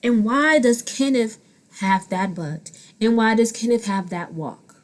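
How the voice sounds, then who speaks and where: A woman in her twenties giving blunt, profane commentary on a reality dating show, jumping between loud outbursts and quiet asides. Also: mid-range voice, moderate pace. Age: 20s. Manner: blunt, profane and animated, swinging loud and soft. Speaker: vlogger. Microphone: own handheld mic.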